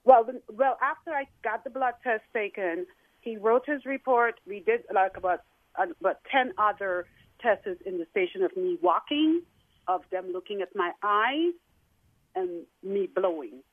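A middle-aged woman calling in to a talk show, telling a personal story in an emotional, halting way. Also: medium pitch, expressive, dry recording. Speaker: guest caller. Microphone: phone. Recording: tinny phone line.

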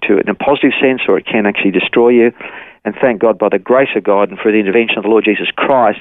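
A man's voice: fairly low pitch, no echo. Older Australian man on a phone line. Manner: warm storytelling, repeats the host's name. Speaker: guest, ministry founder. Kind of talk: radio interview over the phone. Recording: tinny dry phone line.

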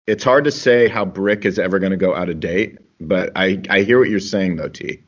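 A man's voice: deep voice, moderate pace, dull audio. A man co-hosting a casual podcast, laid-back with dry humor. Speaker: podcast co-host.

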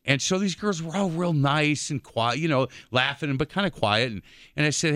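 A man, hosting a casual sports talk radio show and telling lively stories. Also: mid-range voice, a little fast, dry recording, clean studio sound. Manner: chatty storyteller, acts out quotes.

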